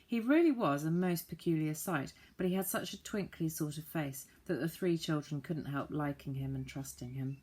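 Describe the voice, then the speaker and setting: A woman reads a children's book aloud in a low, deep voice. Her telling is lively and expressive, and she leans into every twist of the story. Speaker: audiobook reader.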